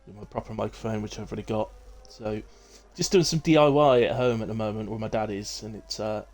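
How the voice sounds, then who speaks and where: A man's voice: lowish voice, fairly quick, darkish tone. A middle-aged man hosting a racing-league live stream in casual talk, rambling and self-deprecating with many fillers and restarts.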